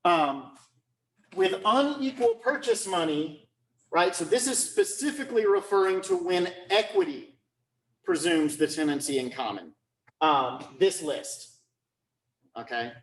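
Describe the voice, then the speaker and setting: A male law lecturer talks slowly and deliberately, in a slightly higher register than most men. He keeps pausing to ask if the point landed and repeats himself to drive it home. The sound is roomy and echoey. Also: expressive, a bit bright. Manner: checks understanding often, repeats phrases.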